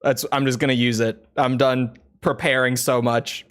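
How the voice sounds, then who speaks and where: A man's voice: medium pitch, fairly even intonation, normal speed, few pauses, over music. A man with a strained throat, rambling and joking about himself while streaming a game. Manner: rambling, self-mocking, laughs often. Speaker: gaming streamer. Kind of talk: casual commentary while playing.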